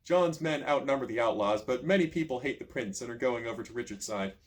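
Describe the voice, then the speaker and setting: Lively man reading an adventure book. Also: medium pitch, fairly quick. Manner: lively storytelling with asides. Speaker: reader of a choose-your-own-adventure book. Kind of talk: expressive read-aloud narration.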